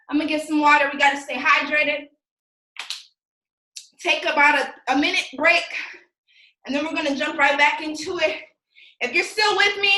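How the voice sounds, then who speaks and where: A woman's voice: very high voice, pushed and bright, reverberant, distant mic, low-quality recording. A woman leading a live workout as a fitness instructor, counting reps aloud and cheering viewers on while out of breath. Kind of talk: live-streamed workout coaching.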